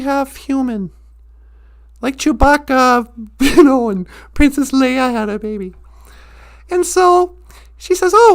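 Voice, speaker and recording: A woman recounting a story for a live-stream audience, animated and playful with frequent jokes. Her voice sits notably high, and she swings her delivery up and down for effect. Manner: animated, joking, laughs often.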